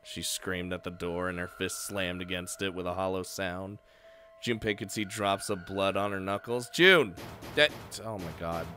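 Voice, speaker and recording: A man's voice: sits low, level tone, moderate pace, fairly bright tone, soft background music. A young man reading a video game's text aloud and adding casual, joking commentary, with occasional swearing. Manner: joking, swears, laughs between lines. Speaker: let's play player.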